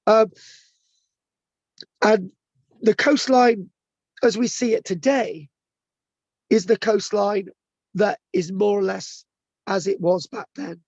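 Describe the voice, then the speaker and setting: A man's voice: sits high, steady tone, slow, long pauses, a little mellow, no room sound, highs cut off. A man with a strained, tired voice, giving a rambling informal history talk and stumbling over place names. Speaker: local history presenter.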